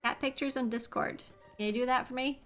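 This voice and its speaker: A woman's voice: high-pitched, fairly even intonation, fairly quick, fairly bright tone, soft background music. A woman giving casual, upbeat commentary while streaming a game and chatting with viewers. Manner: chatty, upbeat, talks to chat.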